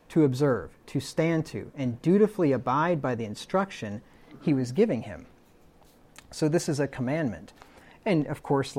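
A man preaching a verse-by-verse sermon, working through word definitions in a deliberate way and often asking "right?". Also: medium pitch, darkish tone. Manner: deliberate, lists synonyms, asks "right?".

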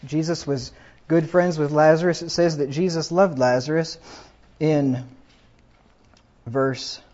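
A man's voice: fairly high pitch, steady tone, slow, darkish tone, highs cut off. A man preaching a funeral sermon, reading scripture aloud with rising emphasis.

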